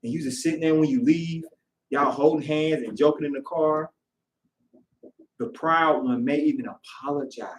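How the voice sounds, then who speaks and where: A man preaching a sermon in casual, conversational speech, lively as he acts out voices. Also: on the high side, moderate pace, a little hiss or hum. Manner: animated, acts out quoted voices. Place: worship hall. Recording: echoey room, voice from far off.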